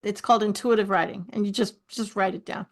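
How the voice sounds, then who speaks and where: A middle-aged woman, a podcast guest, telling stories with lively asides. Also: medium pitch, quick pace. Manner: animated storyteller, lively asides. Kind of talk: podcast conversation.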